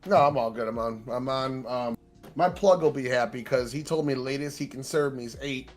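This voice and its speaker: Male guest on a call, easygoing and profane, ordinary mid pitch, faint music behind. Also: brisk. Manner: relaxed and offhand, swears casually. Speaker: guest debater and streamer. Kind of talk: casual chat. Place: home streaming setup, on a call.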